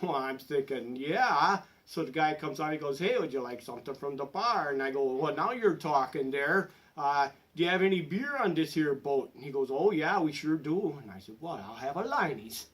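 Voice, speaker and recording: A middle-aged man telling a rambling, folksy comic story in a deadpan manner, with a bit of a cough. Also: fairly high pitch, moderate pace, hardly any pauses. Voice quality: slightly coughing. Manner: folksy, rambling, peppered with "there" and "anyways". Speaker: comedic storyteller. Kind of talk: deadpan comic monologue in character.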